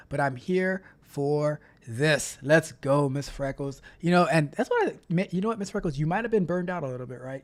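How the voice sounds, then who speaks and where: A man hosting a live stream, chatting casually, reading out chat messages and repeating himself as he talks. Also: fairly high pitch. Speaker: livestream host.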